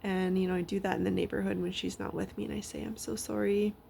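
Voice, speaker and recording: Gravelly-voiced woman chatting casually. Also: medium pitch, little pitch movement, quick pace, slight background noise. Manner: rambling, frequent fillers, drops into soft whispers. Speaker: vlogger. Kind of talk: casual personal storytelling. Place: at home with her dog.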